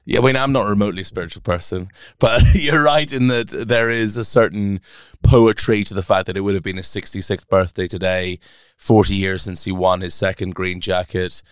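A man's voice: low-pitched, fairly even intonation, a little fast, hardly any pauses, clear, resonant tone, dry recording, studio quality. A man co-hosting a sports podcast, chatting in a teasing, jokey way. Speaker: podcast co-host, sports reporter. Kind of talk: casual podcast chat.

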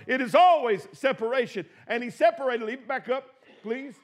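High-voiced man preaching a sermon. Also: lively intonation, moderate pace. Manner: emphatic preaching, swings between shouting and quiet asides. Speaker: pastor.

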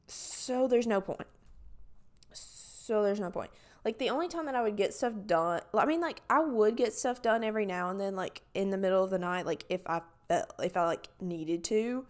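A young woman with a raspy, nasal voice and a country accent, rambling casually as a podcast host with lots of "like". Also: medium pitch, a little fast, few pauses. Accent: US Southern. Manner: rambling, filler-heavy with frequent "like". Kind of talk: casual solo podcast chat.

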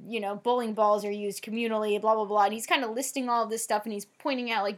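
A woman's voice: a little high, steady tone. A woman co-hosting a casual podcast, chatting through a TV episode and retelling scenes. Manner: chatty, retells scenes with quick quoted lines. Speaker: podcast co-host. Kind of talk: casual chat recapping a TV episode.

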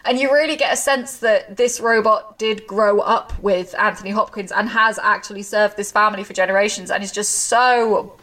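A woman co-hosting a casual film chat, enthusiastic and quick with asides and laughs. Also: fairly high pitch, fairly bright tone, far from the mic. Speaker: podcast co-host. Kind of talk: casual chat about films.

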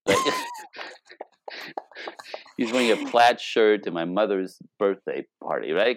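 Middle-aged man, low voice, very lively pitch, dry close sound, relationship coach, casual and playful. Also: moderate pace, pauses often, no echo. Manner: acts out quoted dialogue with playful exaggeration, swearing freely. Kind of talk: animated casual talk.

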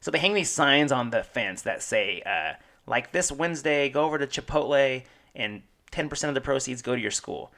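A man's voice: medium pitch, expressive, normal speed, pushed and bright. A man in his thirties co-hosting a casual chat show, telling jokey stories and acting out what people said. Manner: joking storyteller, acts out quotes. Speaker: podcast co-host.

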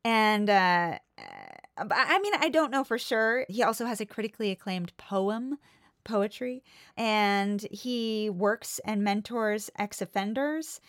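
A woman's voice: mid-range voice, sing-song, takes it slowly, fairly bright tone, no echo, clean studio sound. An American woman co-hosting a podcast in casual chat, reeling off details with easy laughs. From United States. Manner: chatty, laughing, piles up details. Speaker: podcast co-host.

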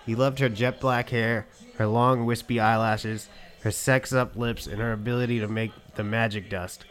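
A man's voice: medium pitch, fairly even intonation, normal speed, a bit bright. Casting: male podcast co-host, mid-range voice, reads while cracking up. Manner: reads with frequent laughter. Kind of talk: casual comedic reading aloud.

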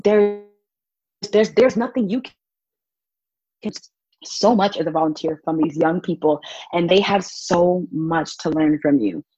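Animated young woman with a husky voice. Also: fairly low pitch, slow pace, pauses often, dry recording, highs cut off. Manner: animated, acts out quotes with laughs. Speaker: guest, volunteer child advocate. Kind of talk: casual interview storytelling.

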